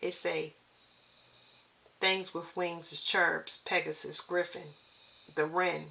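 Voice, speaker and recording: Lady with a low gravelly voice, chatty and casual, reads stuff out to y'all and stumbles a bit. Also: level tone, sharp tone. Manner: chatty, talks to viewers as "y'all", reads text aloud haltingly. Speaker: spiritual reader addressing viewers. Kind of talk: casual reading and thinking aloud.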